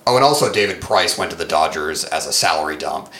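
A man's voice: extremely low pitch, expressive, fast talker, fairly bright tone. A man co-hosting a casual chat, reading comments aloud with sarcastic, mocking asides. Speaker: podcast co-host.

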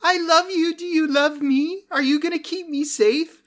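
A tiny adoring kobold child. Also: male voice, steady tone, normal speed, fairly bright tone. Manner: sweet, pleading, high squeak. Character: small adoring young kobold child, creature.

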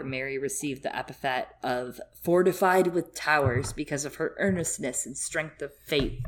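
A woman co-hosting a casual book discussion, chatty and rambling, with many fillers. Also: low-pitched. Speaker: podcast co-host.

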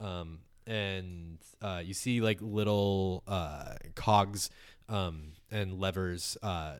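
A man narrating as game master of a tabletop game in a relaxed, rambling way, full of fillers. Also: sits low, very slow, smooth, no echo, studio quality.

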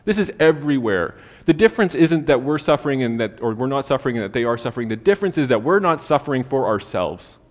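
A man's voice: mid-range voice, very animated, fast talker, few pauses. Man, sermon, casual storytelling, lots of fillers, long hall reverb. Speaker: preacher.

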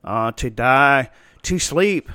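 A man's voice: mid-range voice, expressive, takes it slowly, sharp tone, no echo. A man performing a melodramatic brooding hero in an overblown theatrical dramatic reading.

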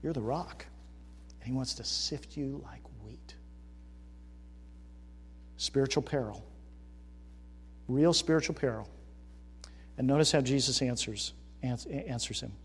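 A man preaching a sermon as pastor, moving between quiet reflection and loud, emphatic rhetorical questions. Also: medium pitch, a little slow, long pauses, husky. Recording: reverberant hall.

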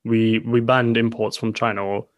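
A man's voice: medium pitch, no echo. Emphatic man, dry close sound. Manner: emphatic, fast, full of filler phrases. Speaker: podcast co-host. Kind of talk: casual podcast chat.

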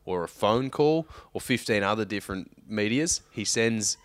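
An Australian man with a fairly low voice rambles through an office story in casual podcast chat. He swears freely, and the dry recording keeps him close and present. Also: animated, normal speed, dry recording. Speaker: podcast co-host.

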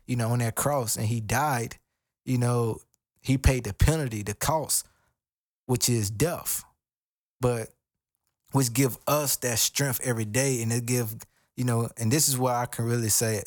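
An earnest man delivers an informal sermon in a medium-pitched voice, conversational in manner, with repeated phrases and slang. The sound is dry, with no echo.

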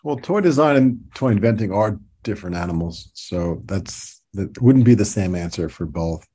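Low, mellow-voiced man telling stories. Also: normal speed, slightly rough. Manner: relaxed storytelling with frequent laughs and fillers. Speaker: podcast guest, toy designer. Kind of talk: casual interview.

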